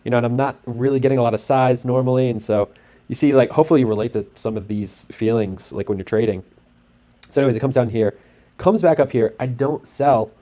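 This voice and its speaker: Rambling, excitable man with a mellow voice. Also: mid-range voice, fast. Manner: rambling and excitable, heavy on fillers; acts out sound effects and his own thoughts. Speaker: host. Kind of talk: casual walkthrough narration over a screen.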